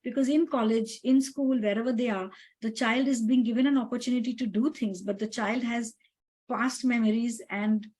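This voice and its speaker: A woman's voice: on the high side, steady tone, normal speed, darkish tone, slightly rough, rough recording. A middle-aged woman dermatologist telling stories about her patients in a chatty way, with many fillers and quoted dialogue. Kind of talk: casual storytelling about patients.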